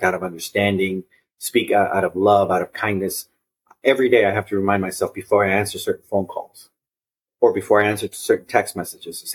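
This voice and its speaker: A man with a low, husky voice speaks as a podcast guest, earnest and reflective. He tells personal stories, circling back over his words and restarting phrases as he goes, and acts out the voices of the people he quotes. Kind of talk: reflective conversational storytelling.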